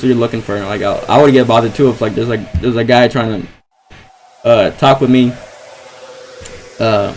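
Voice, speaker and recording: A man's voice: medium pitch, rough recording. A young man playing a visual novel, reading the text aloud and rambling hesitantly between lines, full of fillers and restarts.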